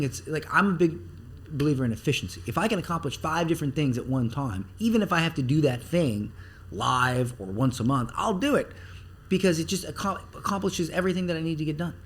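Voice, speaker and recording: A man talking as a podcast guest about marketing, animated and blunt, with some swearing, acting out the things people say. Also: fairly high pitch, brisk, breathy edge. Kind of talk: casual podcast interview.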